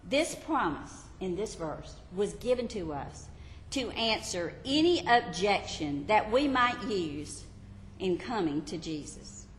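Brief: earnest woman Bible teacher, very lively pitch, recorded in a hall with long reverb. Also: slow, a little hiss or hum. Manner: earnest, expressive, emphatic. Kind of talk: Bible teaching with read quotes. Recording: echoey hall, faint ambience.

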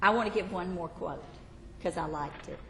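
A woman's voice: fairly low pitch, moderate pace, fairly bright tone, a little hiss or hum. A woman teaching the Bible to a class, earnest and emphatic, reading quotes aloud. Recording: echoey hall, faint ambience.

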